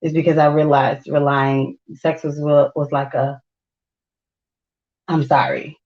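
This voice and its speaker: A woman co-hosting a casual chat, telling relationship stories with lively acted-out quotes and frequent laughter. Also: low voice, normal speed, roomy sound, highs cut off. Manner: animated storyteller, acts out quotes, laughs often. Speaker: podcast co-host.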